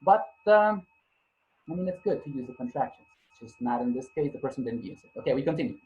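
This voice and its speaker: A man's voice: medium pitch, lively intonation, fast talker, darkish tone, lo-fi sound. A male English teacher giving a grammar lesson, patiently repeating points, spelling out letters and correcting himself as he goes. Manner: corrects himself mid-sentence.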